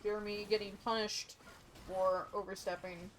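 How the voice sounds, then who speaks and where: A young woman casting a live esports match in a relaxed play-by-play, tired and yawning. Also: mid-range voice, moderate pace, slight background noise. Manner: sleepy, yawning, casual play-by-play. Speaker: esports caster.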